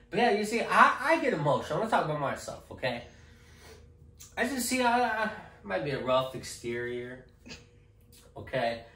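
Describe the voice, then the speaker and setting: A man rambles jokingly to his viewers, checking in with an "okay?" every few lines. His voice sits a little high and he takes his time with each phrase. The sound is roomy and echoey, picked up from a distance. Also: fairly bright tone. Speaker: vlogger. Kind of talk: casual talk to camera. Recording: echoey room, off-mic.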